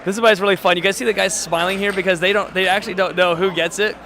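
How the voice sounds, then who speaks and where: A man commentating a live air hockey match, his voice going hoarse, excitable and chatty as he reads viewer messages aloud. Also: high voice, very fast, noisy background. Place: tournament hall.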